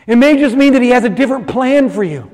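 High-voiced man preaching in an echoing hall. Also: fast. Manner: animated storytelling with acted-out voices. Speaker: pastor. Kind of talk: sermon. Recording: long reverb of a large hall.

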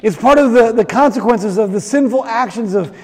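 A male pastor speaks fairly quickly in a very high-pitched voice, acting out a story's voices and then addressing the congregation directly. His sermon rings with the long reverb of a large hall.

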